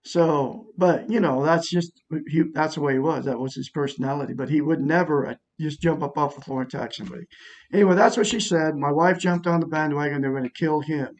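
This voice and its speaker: A man's voice: on the high side, fairly quick. A middle-aged man telling a long personal story in a rambling, aggrieved way, with many restarts. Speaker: vlogger. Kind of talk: casual personal monologue.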